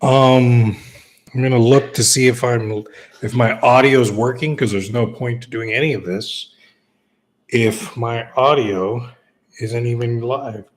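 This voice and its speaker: Male streamer, casual off-the-cuff rambling, keeps circling back, average pitch. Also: steady tone, normal speed. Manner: rambling, repeats and restarts phrases. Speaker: livestreamer. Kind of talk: rambling casual livestream chat.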